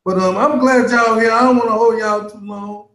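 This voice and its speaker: A man's voice: high voice, fairly even intonation, moderate pace, fairly bright tone, roomy sound, poor audio. A male livestream host who rambles casually and breaks into improvised freestyle singing. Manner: loose, rambling, sings in a freestyle way.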